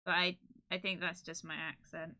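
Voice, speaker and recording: A woman's voice: lowish voice, flat delivery, normal speed, bright, forceful tone. A woman from Cornwall chatting casually and giggling while streaming a game. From Cornwall, England. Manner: giggly, playful.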